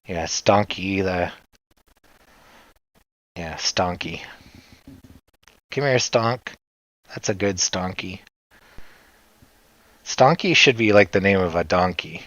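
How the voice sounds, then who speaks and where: This livestream host, a man with a Canadian accent, speaks slowly in a deep, fairly bright voice with long pauses. The recording is dry, with dull lo-fi sound, and he rambles along joking and laughing frequently.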